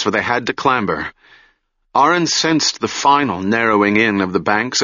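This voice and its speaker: Male narrator, slow dramatic audiobook reading, bright forceful tone, dry close sound. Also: fairly low pitch, no echo, lo-fi sound. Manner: measured, dramatic storytelling.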